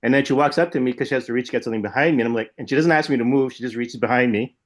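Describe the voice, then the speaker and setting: A man co-hosting a podcast, retelling a dream in a rambling, animated way, full of "like" and "right?". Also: mid-range voice, racing. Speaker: podcast co-host. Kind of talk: casual chat, storytelling.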